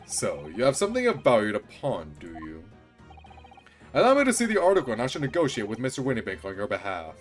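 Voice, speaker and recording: A man voicing a pompous, eccentric gentleman detective from a video game, with grand formal delivery. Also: mid-range voice, huge pitch swings, fast, soft background music, pitched below the performer's own voice. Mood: grandiose.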